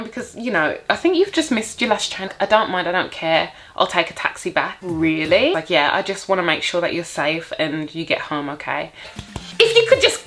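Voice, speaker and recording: A young woman vlogger chatting casually to her viewers, telling a dating story and acting out her own reactions with lively exclamations. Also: fairly low pitch, normal speed, soft background music.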